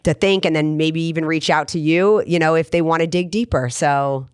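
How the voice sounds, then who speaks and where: A woman hosting a podcast speaks in a noticeably low voice. She tells a personal story in an earnest, rambling way, circling back and restarting as she goes. The sound is dry and close. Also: fairly even intonation, moderate pace, smooth, no room sound. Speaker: podcast host. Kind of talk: casual podcast chat.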